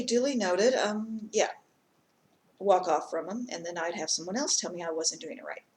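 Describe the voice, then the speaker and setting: Chatty woman vlogger telling a story. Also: medium pitch. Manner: chatty, rambling, many ums. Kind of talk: casual story time.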